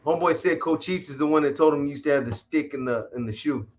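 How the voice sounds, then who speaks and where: A man hosting a casual interview, laid-back, giving short replies and shout-outs. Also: on the high side, fast talker. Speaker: host.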